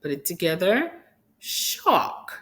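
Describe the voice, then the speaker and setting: Slow, patient woman teacher. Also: lowish voice, huge pitch swings, fairly bright tone. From Haiti. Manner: sounds out letters one by one and repeats each word. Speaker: phonics teacher. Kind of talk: slow phonics drill for young children.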